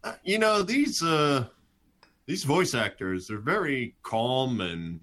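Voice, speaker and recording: A man's voice: mid-range voice, big pitch swings, slow, a bit bright. A man co-hosting a podcast, chatting casually with hesitant fillers. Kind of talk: casual chat.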